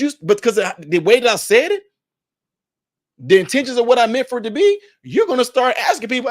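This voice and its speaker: A commentary vlogger with a very high, sing-song voice talks a little fast, giving emphatic, preachy commentary and repeating points to hammer them home. He acts out what others say in put-on voices.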